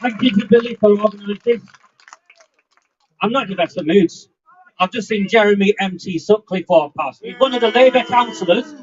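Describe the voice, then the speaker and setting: Angry guy in his 50s shouting at a street rally, fairly high voice, muffled lo-fi sound. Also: normal speed, slight background noise. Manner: angry, forceful, defiant. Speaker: rally speaker. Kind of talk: impassioned outdoor rally speech. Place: outdoor street demonstration. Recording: muffled lo-fi outdoor recording.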